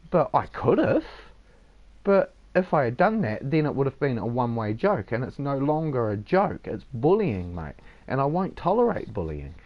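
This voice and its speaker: A man streaming a game, casually lecturing his listener in a rambling, swearing way with lots of "mate". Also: mid-range voice. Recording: dull lo-fi sound.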